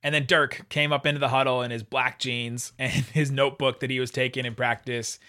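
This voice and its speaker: A man hosting a casual sports podcast, chatty and quick to laugh, often restarting his sentences. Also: medium pitch, level tone, pushed and bright. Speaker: podcast host.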